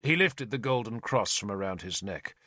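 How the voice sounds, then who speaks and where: A man with a lowish voice narrates an audiobook expressively, at normal speed. The clean studio recording has no echo.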